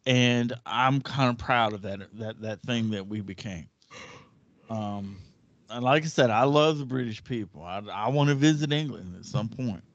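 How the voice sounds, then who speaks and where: A man's voice: mid-range voice, moderate pace, dry recording. A man from the American South co-hosting a podcast, talking in casual chat and sharing strong opinions with a bit of a rant. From Southern United States. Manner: opinionated, ranting. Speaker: podcast co-host. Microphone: desk microphone. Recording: dry, dull-sounding recording.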